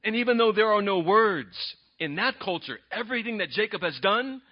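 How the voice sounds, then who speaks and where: A man preaching a sermon as pastor, earnest, moving between quiet and emphatic delivery. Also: sits high, expressive, brisk. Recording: dull lo-fi sound.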